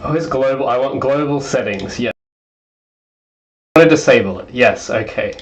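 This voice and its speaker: Young man, casual livestream chat, excitable, apologetic, cheap headset mic. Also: mid-range voice, moderate pace, poor audio. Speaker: game developer streamer. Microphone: cheap gaming headset mic.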